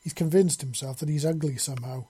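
A man voicing an alien hive queen, a wise mother who speaks calmly and reassuringly. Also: fairly high pitch, quick pace, slightly rough.

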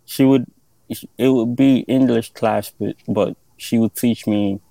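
A man who is an independent artist, a guest speaking modestly and haltingly in a casual interview. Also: medium pitch, steady tone, creaky, mellow, no room sound, rough recording. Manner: modest, halting, many fillers.

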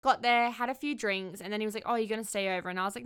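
A young woman telling a dating story in a candid, expressive way, swearing freely. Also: mid-range voice, rapid-fire. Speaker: vlogger. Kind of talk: casual storytelling.

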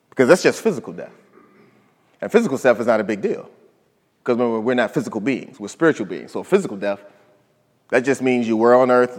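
Male pastor, mid pitch, preaching with big loud-soft swings; hall reverb. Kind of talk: sermon.

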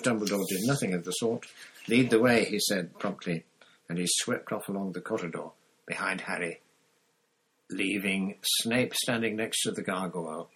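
A man narrating a storybook chapter in a steady reading voice, with an occasional slip and restart. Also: low voice, slight background noise, low-quality recording. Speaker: audiobook reader.

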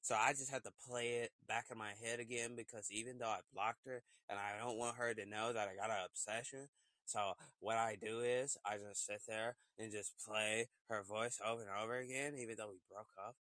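A man talking in a casual solo rant, animated and slipping into shrill put-on voices for quotes. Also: a little fast, dry recording. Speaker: podcast host.

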